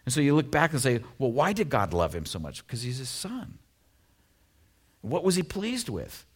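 A man's voice: medium pitch, huge pitch swings, moderate pace, slightly rough. A middle-aged man from Oregon preaching a sermon in a conversational, storytelling way with self-deprecating humor. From Oregon, USA. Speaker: pastor.

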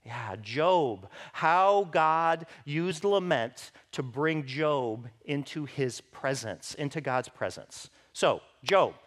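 A man's voice: lively intonation, takes it slowly, few pauses, fairly bright tone. A man preaching a sermon as pastor, emphatic, lifting his voice when he reads the scripture aloud and checking in with listeners. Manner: emphatic, rises in pitch and volume when voicing scripture; speaks directly to the congregation with frequent "right?".

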